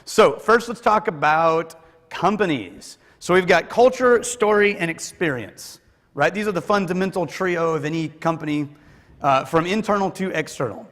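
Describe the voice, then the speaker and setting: A man with a fairly high voice gives a conference talk in a big hall, and his words ring with long reverb. He talks in a joking, conversational way and pokes fun at himself. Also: moderate pace, a bit bright. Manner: joking, conversational, self-deprecating. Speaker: conference speaker. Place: large hall with audience.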